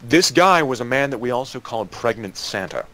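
A young man casually telling a work story to friends over voice chat, animated and acting out the people he quotes. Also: medium pitch, brisk, crowd noise. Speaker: storyteller among gaming friends.

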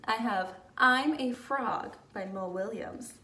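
A woman gently opens a storytime for young children, talking to them directly. Her voice is high, slow and full of lilt. It sounds echoey and comes from a little way off the mic. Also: a little hiss or hum. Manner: friendly, addresses children directly. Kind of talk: picture-book read-aloud. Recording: echoey room, distant mic.

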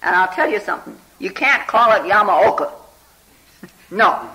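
A meditation teacher tells a Zen story in a spiritual talk, sounding bright and lively in a mid-range voice over poor audio. Unhurried and conversational, she fills it with "you know" and often checks in with listeners through "hmm?" and "huh?"

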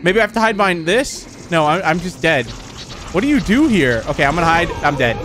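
A man commentating a horror game, jumpy and excitable, with quick exclamations and frequent laughs. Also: on the high side. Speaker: gaming commentator.

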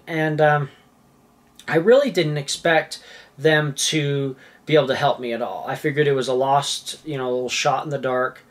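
A man telling a personal story in a casual, animated way. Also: a little high. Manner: animated, acts out quoted voices.

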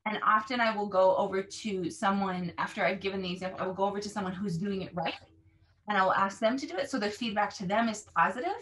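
A woman who teaches languages describes how she runs her classes, acting out phrases with exaggerated, animated intonation. Her voice sits in the mid range, she talks fast, and the mic is far away.

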